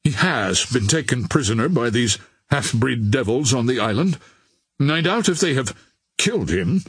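A man's voice: medium pitch, animated, moderate pace, husky, no room sound, clean studio sound. A man reading an audiobook voices a formal, agitated naval captain in a somewhat raised voice. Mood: grave. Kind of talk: audiobook character voice.

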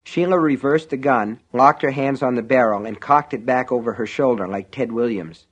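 A man narrates a thriller audiobook at a steady, measured pace. His voice sits in an ordinary middle pitch for a man, and he tells the story vividly. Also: highs cut off. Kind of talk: scripted narration.

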